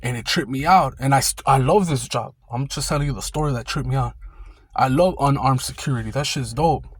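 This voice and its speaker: A man's voice: medium pitch, fairly quick, husky, dry recording. Young guy, casual slangy storyteller, swears freely, mid-range voice, dry close sound. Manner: rambling, profane, street slang. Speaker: storyteller recalling a security job.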